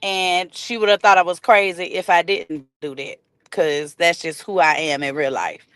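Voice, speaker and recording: Middle-aged woman hosting a livestream, chatty and warm with viewers, dry close sound. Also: lowish voice, moderate pace, smooth, no room sound. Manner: chatty, reads and greets viewer comments aloud. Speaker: livestream host. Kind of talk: casual livestream chat.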